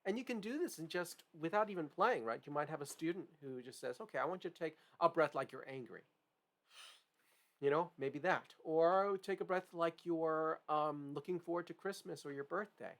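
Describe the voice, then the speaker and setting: A man's voice: a little high, expressive, moderate pace. A man teaching a music lesson, explaining with frequent "right?" and "okay?" check-ins. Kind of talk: piano lesson demonstration.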